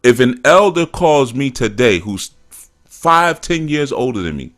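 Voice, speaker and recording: Medium in pitch and a bit bright, this middle-aged host's voice swings widely as he speaks unhurriedly. A spiritual teacher giving a casual talk-show monologue, he tells loose stories full of "man" and "you know," acting out quotes and now and then turning emphatic.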